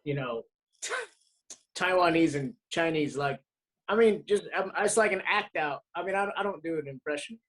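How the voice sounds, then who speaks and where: A man's voice: on the high side, lively intonation, moderate pace, fairly bright tone. Hesitant guest comedian, a man. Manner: hesitant, full of fillers and restarts. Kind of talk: casual chat.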